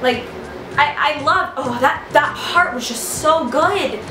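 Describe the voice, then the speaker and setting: A woman's voice: high-pitched, slow, noisy background. A woman giving a casual movie review, gushing and rambling with lots of "like". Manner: gushing, rambling, heavy use of "like". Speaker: film reviewer. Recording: echoey room, distant mic, music behind.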